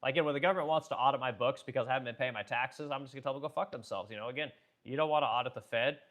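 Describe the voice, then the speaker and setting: Man, livestream host, quick delivery, blunt and profane, rambling, reads chat comments. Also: medium pitch, fairly bright tone. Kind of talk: casual opinionated livestream talk.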